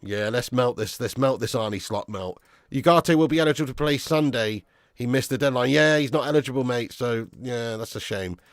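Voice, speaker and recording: A man's voice: medium pitch, a little fast, no room sound, clean studio sound. A young man hosting a football fan live stream, reading viewer comments in casual banter. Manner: casual, banter, laughs often, calls viewers lad and mate. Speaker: football fan channel host.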